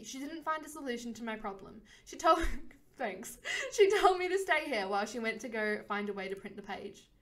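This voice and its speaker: A woman reading a story game aloud in an expressive way, narrating and voicing the heroine with frequent laughs. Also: a little high. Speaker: game streamer. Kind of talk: reading a visual novel aloud.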